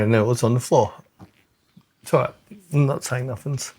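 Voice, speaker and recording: Man, podcast co-host, playful joker, mid-low voice. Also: fairly even intonation, normal speed, pauses often. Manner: goofy, joking. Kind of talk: casual chat. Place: home lounge room.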